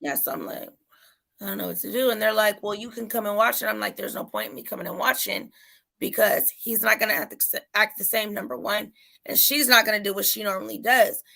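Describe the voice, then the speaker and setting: Woman, mother, casual chat, animated storytelling, bright tone, gravelly edge. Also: mid-range voice, fairly quick. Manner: animated storytelling, acting out her son's voice.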